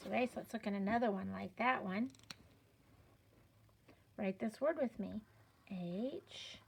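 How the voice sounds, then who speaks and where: A woman's voice: on the high side, gravelly, breathy edge. A woman teaching a children's phonics lesson, sounding out letters patiently and encouraging the learners. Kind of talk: slow step-by-step reading lesson.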